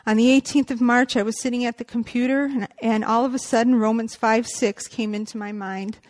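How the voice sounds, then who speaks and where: A woman's voice: a little high, steady tone, brisk. A woman giving a personal faith testimony, earnest and reflective, partly reading aloud and quoting scripture.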